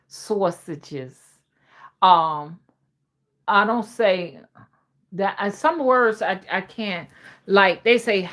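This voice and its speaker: A middle-aged woman with a slow, old-fashioned Southern drawl hosts a casual livestream. Her voice sits low for a woman, and she chats loosely with her viewers, reading their comments aloud and laughing along. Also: expressive. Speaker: livestream host.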